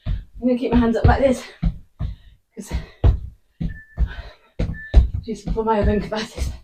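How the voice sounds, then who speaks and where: A fitness instructor talks a viewer through a hard interval workout, panting and out of breath as she goes. Her voice is mellow and sits a little high for a woman, and her pace is slow and unhurried. She sounds set back from the microphone. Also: fairly even intonation. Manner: encouraging, short panting cues. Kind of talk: workout follow-along coaching. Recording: voice picked up from a distance.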